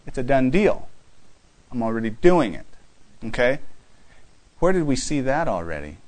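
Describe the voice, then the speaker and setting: Man, mid-pitched, for a Bible study teacher: conversational, posing rhetorical questions, restarting his phrases as he goes. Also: very animated, normal speed, pauses often, rough recording. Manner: reads scripture aloud in archaic wording.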